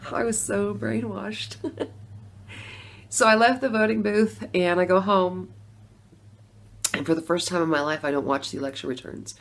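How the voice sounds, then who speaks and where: Creaky-voiced middle-aged woman telling her story. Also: on the low side, normal speed, long pauses. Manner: conversational, laughs often, acts out her reactions. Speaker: former Democrat voter telling her story. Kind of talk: casual personal testimony.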